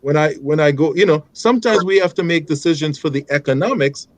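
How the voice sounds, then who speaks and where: A man speaking as a guest on a talk show, measured and emphatic as he gives advice. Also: a little high, no echo, rough recording. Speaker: guest father. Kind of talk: panel discussion advice.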